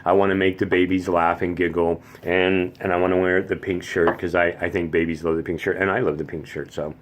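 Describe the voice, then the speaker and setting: A man's voice: low voice, flat delivery, fairly quick. A man in his fifties from the Phoenix area, talking in a rambling casual monologue with many stammered restarts. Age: 50s. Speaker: vlogger.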